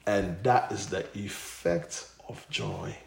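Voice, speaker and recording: Gravelly-voiced preacher in an echoey room. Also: male voice, huge pitch swings, takes it slowly. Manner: emphatic, rising to loud bursts then dropping low. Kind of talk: sermon. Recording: echoey room with faint noise.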